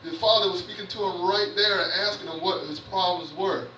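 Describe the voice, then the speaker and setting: A man preaching a sermon in a sanctuary, reading scripture and then retelling it in plain talk. His voice is fairly high and pushes with a tense edge. It is captured from a distance and echoes around the church, with faint room noise underneath. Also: fairly quick, bright, forceful tone. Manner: reads scripture aloud then paraphrases it conversationally. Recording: roomy church audio picked up from afar.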